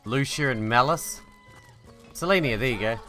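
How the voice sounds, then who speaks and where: Bright-voiced man joking over gameplay. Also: medium pitch, moderate pace, soft background music. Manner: profane, joking. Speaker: gaming channel host. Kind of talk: casual gameplay commentary.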